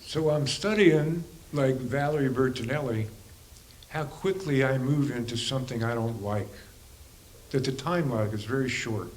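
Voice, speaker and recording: A man's voice: medium pitch, a little slow, slight background noise, poor audio. A man who works as a spiritual teacher and counselor, giving a reflective talk to a congregation in a conversational, musing way, with rhetorical questions and the odd chuckle.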